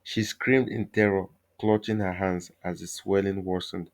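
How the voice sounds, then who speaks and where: A man reads a folktale aloud at a steady, measured pace. His voice is very low and deep, and he tells the story like a calm narrator by the fire.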